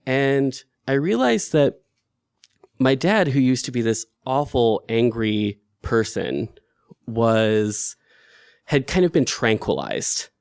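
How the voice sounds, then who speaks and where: A man's voice: mid-range voice, very animated, takes it slowly, darkish tone, clear, resonant tone, dry recording, clean studio sound. A man telling an emotional true story about his own life in an earnest way. His voice lifts sharply when he grows upset. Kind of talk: personal storytelling.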